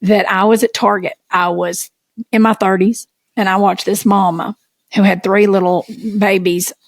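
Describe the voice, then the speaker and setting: A woman with a Southern US accent co-hosting a podcast, telling a story in an animated, folksy way. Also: mid-range voice, normal speed, gravelly, no echo. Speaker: podcast co-host. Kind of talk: casual storytelling chat.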